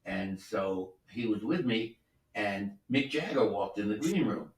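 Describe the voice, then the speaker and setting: With a lowish, slightly slow voice, a seventy-something record producer and guest musician drifts through relaxed anecdotes and frequent asides. The room is audible and the microphone seems far away.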